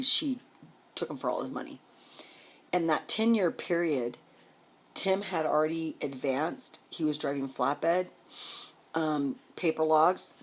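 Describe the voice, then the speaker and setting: A woman telling her life story casually on a vlog, blunt and swearing freely, with quick emphatic bursts. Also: low voice, breathy edge. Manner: rapid, emphatic delivery.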